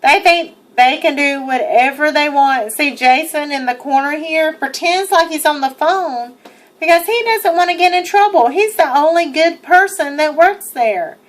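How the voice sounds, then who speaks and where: A woman's voice: sits high, normal speed. A young woman giving an indignant, emphatic first-person account while narrating over video, swearing freely. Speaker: person narrating her own arrest footage.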